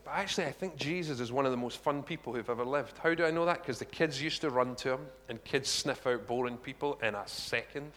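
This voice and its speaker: A man preaching a sermon in a chatty, animated way, often turning to the congregation with quick asides. His voice sits at an ordinary middle pitch, and a long hall reverb trails behind every phrase. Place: church hall.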